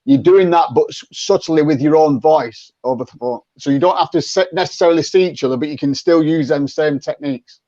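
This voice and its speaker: A man's voice: on the high side, brisk, warm tone, no room sound, highs cut off. A man, a sales coach talking as a podcast guest in a chatty way, often repeating words as he restarts and acting out sample phone calls. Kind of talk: conversational interview.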